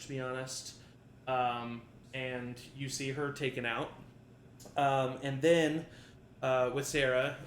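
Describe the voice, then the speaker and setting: A man's voice: medium pitch, fairly bright tone, a little hiss or hum. Game master man with a roomy echo. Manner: rambling, filler-heavy narration. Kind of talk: narrating a tabletop game. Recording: roomy echo, faint ambience.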